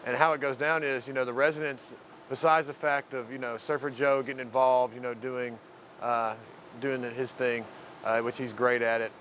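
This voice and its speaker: Slight background noise accompanies a medium-pitched, slightly bright voice as a man from the mainland discusses his work with the program in a casual interview. A resident and volunteer there, he speaks at normal speed with a flat delivery, rambling and relying heavily on "you know."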